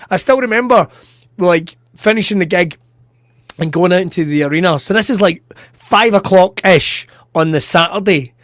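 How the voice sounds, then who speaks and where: A man with a notably high voice, telling stories in casual podcast chat. He swears freely, mocks himself and laughs as he goes. The sound is close and dry. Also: normal speed, a bit bright, no echo. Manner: sweary, self-mocking, laughs through his stories. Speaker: comedian and podcast host.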